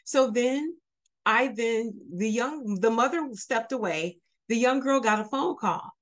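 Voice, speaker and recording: A woman's voice: fairly high pitch, lively intonation, a little slow. A woman guest telling a personal story in an earnest, candid way, with fillers and restarts. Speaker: guest sharing her story.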